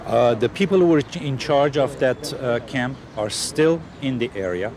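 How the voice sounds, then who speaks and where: A man speaking hesitantly in an interview, pausing often with fillers. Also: medium pitch, expressive, a little mellow.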